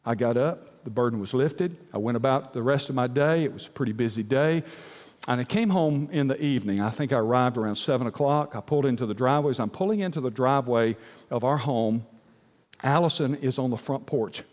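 A man's voice: mid-range voice, brisk. Folksy preacher man in an echoing hall. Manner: folksy, with dramatic drops to a hush. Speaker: pastor. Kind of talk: sermon storytelling. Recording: long hall reverb.

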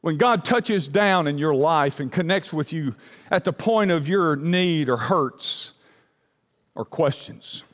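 Older guy preacher, highish voice, earnest sermon, swells then goes quiet. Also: lively intonation, slow, in a large hall. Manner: earnest storytelling, swells up then drops to a hush. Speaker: pastor. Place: church sanctuary.

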